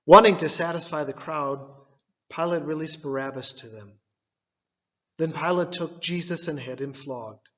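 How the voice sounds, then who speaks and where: A man giving a liturgical scripture reading, delivered in measured phrases, one at a time. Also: on the high side, a bit bright, highs cut off. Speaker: scripture reader.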